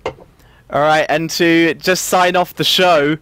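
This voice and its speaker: A man's voice: fairly high pitch, steady tone, takes it slowly, a bit bright, clean tone, dry recording. Amused male host, dry close sound. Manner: amused, congratulatory. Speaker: show host. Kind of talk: hosting sign-off.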